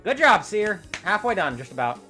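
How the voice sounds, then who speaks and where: A reaction video host chatting casually, excitable and laughing often. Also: medium pitch, normal speed, soft background music.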